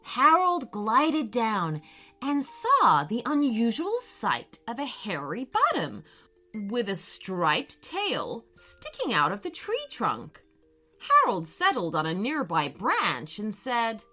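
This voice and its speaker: A woman gently and expressively narrating a children's bedtime story. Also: on the high side, huge pitch swings, slow pace, faint music behind.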